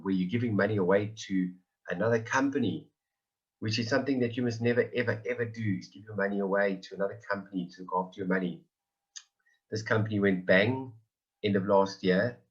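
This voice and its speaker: A man's voice: on the low side, dull audio. A man in his forties giving an earnest personal testimony, repeating phrases for emphasis. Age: 40s. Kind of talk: emotional personal testimony on a call.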